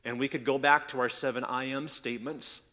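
A man's voice: medium pitch, steady tone, a little fast, pushed and bright. A man preaching a sermon, explaining scripture in a teaching manner, often repeating words as he restarts, and rising in force when he quotes verses. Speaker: pastor.

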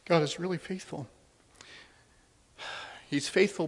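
A man's voice: mid-range voice, normal speed, creaky. A middle-aged man sharing a personal testimony with a congregation in a church, speaking conversationally and a little nervously. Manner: conversational and a little nervous, with many ums and restarts. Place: church hall. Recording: long hall reverb.

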